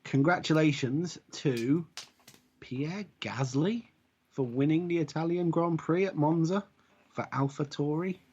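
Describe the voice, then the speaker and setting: A man's voice: on the high side, a little slow, darkish tone, husky. A man co-hosting a wrestling podcast, talking in a rambling, jokey way and often correcting himself. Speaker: podcast co-host. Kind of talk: casual chat. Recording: dull lo-fi audio.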